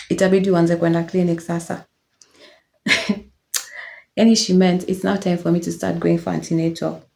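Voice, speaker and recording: This is a young woman vlogging her personal testimony, with a fairly low, gravelly voice. She tells her life story openly and casually, in a reflective mood, using fillers and laughing softly at times.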